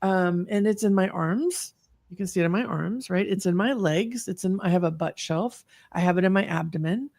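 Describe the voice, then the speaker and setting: A woman's voice: fairly low pitch, normal speed, darkish tone, dry recording, studio quality. A woman in her fifties, a guest telling her personal story in an earnest, reflective way, with many fillers and restarts. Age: 50s. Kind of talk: personal story in an online talk.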